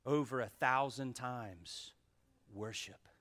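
A male pastor preaching a sermon to his church, fervent and shifting between shouts and hushed asides. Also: medium pitch, takes it slowly. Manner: fervent, swings from shouting to near whispers. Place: church sanctuary.

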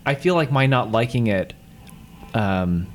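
A man's voice: mid-range voice, expressive, unhurried, a little hiss or hum. A man co-hosting a casual talk show, playful and teasing, laughing easily as he talks. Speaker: podcast co-host. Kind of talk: casual chat.

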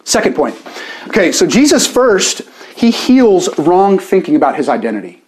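Lively, animated male preacher. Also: high-pitched, normal speed, a little hiss or hum. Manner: animated, chatty, self-deprecating asides. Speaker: pastor. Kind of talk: conversational sermon.

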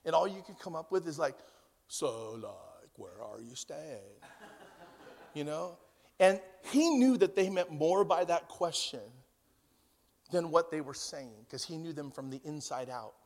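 A man in his fifties preaching a sermon, telling stories that move between loud and hushed. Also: on the high side, moderate pace. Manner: storytelling, swings from loud to hushed. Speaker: pastor. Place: church hall. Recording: long church reverb.

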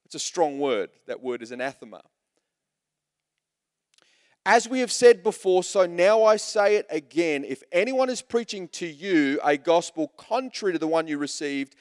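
Male pastor, emphatic sermon delivery, higher voice, echoing church hall. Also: lively intonation, normal speed, clear, resonant tone. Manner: emphatic, repeats words when building a point.

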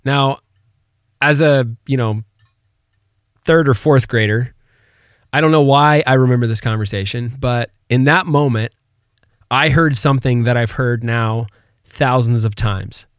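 A man's voice: mid-range voice, measured pace, long pauses, dry recording, studio quality. Earnest man telling a devotional story. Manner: earnest, conversational, animated when retelling. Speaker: podcast host.

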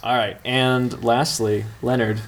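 A man's voice: medium pitch, little pitch movement, takes it slowly, a little hiss or hum. A man hosting a comedy table read, wry and self-deprecating, casting players and reading stage directions. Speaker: comedy writer and host. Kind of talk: improv comedy banter.

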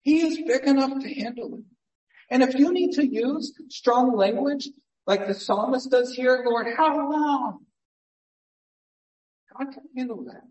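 A man's voice: extremely high pitch, normal speed, darkish tone, muffled recording. A man, a pastor, preaching an earnest, conversational sermon full of rhetorical questions in a church sanctuary. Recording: echoey church hall from far off.

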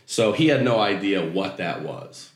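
Guy from maryland spinning a funny story, lowish voice, swears a lot, echoey room. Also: measured pace. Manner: animated, profane, laughs through punchlines. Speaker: comedian storyteller, guest. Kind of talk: comedic storytelling.

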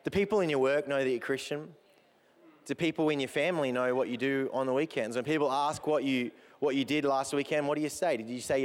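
A man's voice: fairly high pitch, brisk. A man preaching a sermon to his church, earnest and building in intensity, with touches of self-deprecating humor. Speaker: pastor. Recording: long hall reverb.

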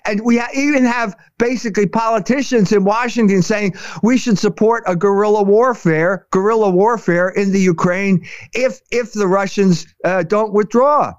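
A man with a high voice for a man pours out passionate commentary, stumbling and restarting as he goes. The sound is dry and close, with no room around it. The recording is a little dull and muffled. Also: clear, resonant tone, no echo. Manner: impassioned, halting, many restarts. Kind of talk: opinionated commentary chat.

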